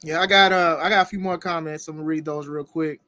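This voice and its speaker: Podcast host, man, lively and laughing, close dry mic. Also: on the high side, fast, dry recording. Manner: animated, laughs often, reads viewer comments aloud. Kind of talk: casual interview chat.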